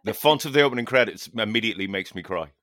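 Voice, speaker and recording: A man hosts a casual podcast chat, swearing freely and poking fun at himself. His voice is bright and swings up and down a lot. The sound is dry and close. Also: on the low side, lively intonation, quick pace, no echo. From Northern Ireland. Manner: sweary, self-mocking. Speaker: podcast host.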